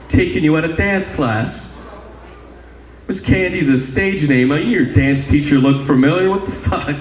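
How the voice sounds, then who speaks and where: A young man doing a crude stand-up comedy set on a club stage, rambling into a handheld mic with sung bits. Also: on the high side. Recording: echoey live club room.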